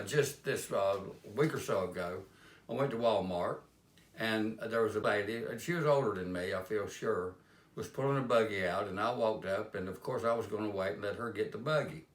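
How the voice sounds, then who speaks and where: A man telling homespun stories about kindness in a plain-spoken, rambling way. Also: on the low side. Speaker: life-lessons speaker. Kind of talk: folksy storytelling monologue. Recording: roomy echo.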